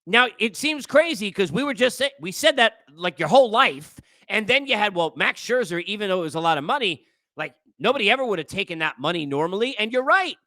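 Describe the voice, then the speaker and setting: Male sports talk host, high bright voice, exasperated lecturing rant, dry close sound. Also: sing-song, a little fast, dry recording. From New York area. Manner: exasperated, lecturing, repeats phrases.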